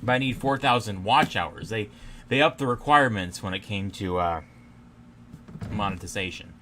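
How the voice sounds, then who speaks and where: Deep-voiced guy streaming, mumbling and cursing at his screen, keyboard clacking over a noisy mic. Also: normal speed, sharp tone. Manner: mutters to himself, swears often, self-deprecating laughs. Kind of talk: casual live-stream chatter while working.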